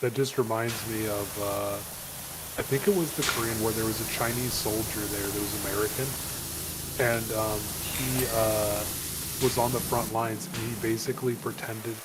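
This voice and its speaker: A man's voice: fairly low pitch, fairly even intonation, normal speed, heavy background noise. A man chatting while gaming, laid-back, answering with short agreements and telling profane stories. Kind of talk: casual chat while gaming.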